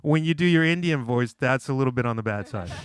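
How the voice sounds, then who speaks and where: A man's voice: mid-range voice, animated, fast talker, smooth, dry recording, clean studio sound. A man co-hosting a podcast, making his case in an earnest, argumentative way. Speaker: podcast co-host. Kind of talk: casual studio chat.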